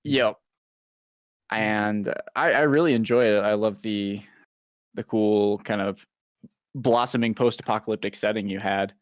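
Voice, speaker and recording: A man's voice: fairly low pitch, steady tone, a little slow, long pauses, dry recording, clean studio sound. A man co-hosting a casual interview, friendly, asking questions with hesitant restarts. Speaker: guest co-host.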